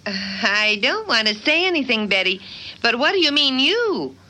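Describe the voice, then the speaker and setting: An actress voicing a level-headed cartoon housewife who speaks in a dry, measured way. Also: female voice, sits high, big pitch swings, pushed and bright, full character voice. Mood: wry.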